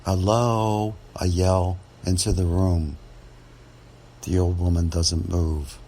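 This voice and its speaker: A man, a real estate agent, telling a true story from his work in a measured, dramatic way. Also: low voice, level tone, dark tone, slight background noise. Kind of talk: first-person storytelling podcast.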